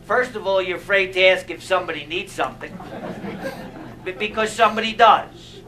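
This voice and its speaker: A middle-aged male stand-up comedian who tells jokes on stage in a wry, deadpan way, leaving long pauses for laughs. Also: sits high, background noise. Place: theater stage.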